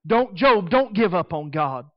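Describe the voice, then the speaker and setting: A man's voice: sits high, very animated, measured pace, no room sound, dull audio. A man voicing a grieving wife in a sermon, pleading at times and bitter and despairing at others. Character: grieving despairing wife, middle-aged woman.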